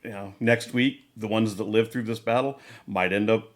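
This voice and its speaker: Low-voiced man chatting casually, rambling. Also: steady tone, moderate pace. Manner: rambling, many restarts and fillers. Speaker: podcast host. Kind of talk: casual hobby chat.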